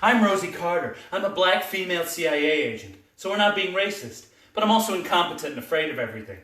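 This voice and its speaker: A nervous, easily frightened female agent, as a man puts her on, bright and lively in pitch. The sound is roomy and heard from some distance. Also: quick pace. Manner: jittery.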